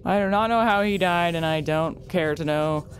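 A woman's voice: fairly low pitch, moderate pace, soft background music. A young woman commenting nervously on a game as she plays, talking to creatures and swinging between shrieks and whispers. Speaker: gamer.

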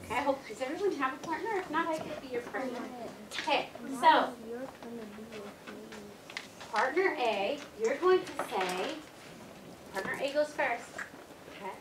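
A woman teaching first graders, giving slow, clear instructions to the class. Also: sits high, animated. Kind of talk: classroom lesson. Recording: echoey classroom, distant mic, noisy.

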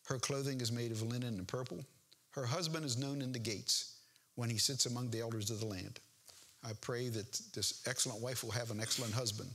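Bright, husky older male pastor. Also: mid-range voice, steady tone, brisk. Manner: homespun, joking asides between verses. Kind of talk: folksy sermon with scripture reading.

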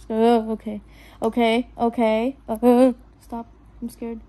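A woman's voice: on the high side, level tone, slow pace, warm tone, rough recording. A woman vlogger chatting casually to herself as she unboxes and builds a toy house, nervous and fretting that she will mess it up. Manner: nervous, self-talking, keeps saying she is scared. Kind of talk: casual unboxing and crafting commentary.

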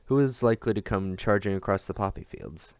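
Brief: a male audiobook reader, low gravelly voice, dry and muffled recording. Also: lively intonation, brisk, darkish tone, no echo. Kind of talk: reading a novel aloud.

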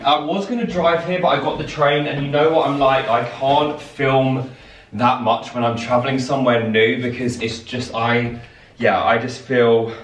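A young man vlogging from a hotel room, chatty and easily thrilled, exclaiming at everything he finds. His voice sits at a middling pitch, and a faint hiss runs under the camera audio. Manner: excitable, gushing, chatty with frequent exclamations. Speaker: travel vlogger. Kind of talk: casual vlog to camera. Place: seaside hotel room, indoors.

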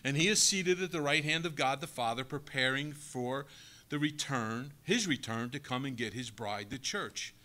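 A man's voice: medium pitch, moderate pace, sharp tone. A male pastor giving a sermon, preaching emphatically and asking the congregation rhetorical questions.

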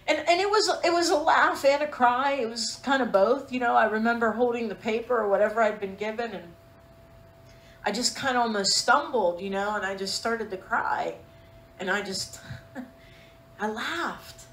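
Female Bible teacher, fairly high voice, heartfelt personal storytelling in a sermon, roomy echo. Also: moderate pace, a bit bright. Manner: personal storytelling, earnest and emotional. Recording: echoey room.

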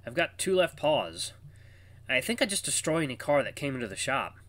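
A man's voice: mid-range voice, very animated, moderate pace, a bit bright, voice pushed up. A man voicing an earnest young anthropomorphic man who speaks hesitantly and pleads. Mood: unsure.

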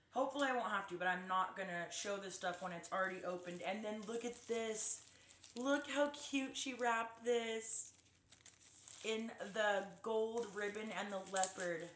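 A woman chatting casually to her phone camera as she opens fan mail, gushing and exclaiming over each gift. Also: mid-range voice. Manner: gushing, excitable, lots of exclamations. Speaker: vlogger opening fan mail. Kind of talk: casual unboxing chat to camera. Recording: echoey room.

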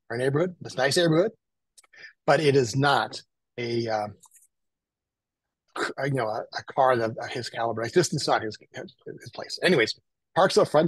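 An older man spins a long story in a husky, slightly breathy voice. He talks casually and acts out the other people's lines as he goes. The sound is dry and close. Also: medium pitch, no room sound, low-quality recording. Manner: animated anecdotal, acts out quotes. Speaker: photographer guest.

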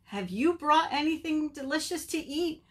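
A woman voicing a hungry, fussy, demanding little male bird with a shrill, squawking voice in a storybook read-aloud for children. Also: expressive, normal speed. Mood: whiny.

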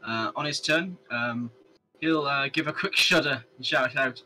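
A man's voice: mid-range voice, a little slow, sharp tone, a little hiss or hum, low-quality recording. A man describing his character to other players in a casual online tabletop game session.

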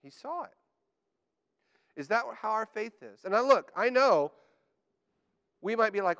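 A man preaching a sermon to a congregation, animated and joking, building up to emphatic declarations. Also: sits high, unhurried, long pauses, clear, resonant tone. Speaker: pastor. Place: church sanctuary. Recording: church hall with long reverb.

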